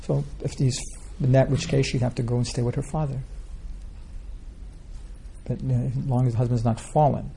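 A man with a low, mellow, gravelly voice answers questions at a religious gathering. He rambles through scripture stories with many restarts and fillers. Faint ambience sits behind him. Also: level tone, moderate pace, long pauses, a little hiss or hum. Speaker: spiritual teacher answering questions. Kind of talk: informal religious Q&A talk.

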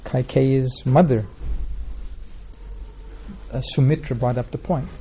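Gravelly-voiced man telling scripture stories. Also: medium pitch, takes it slowly, dark tone. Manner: rambling storyteller, many restarts and fillers. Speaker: spiritual teacher answering questions. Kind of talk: informal religious Q&A talk.

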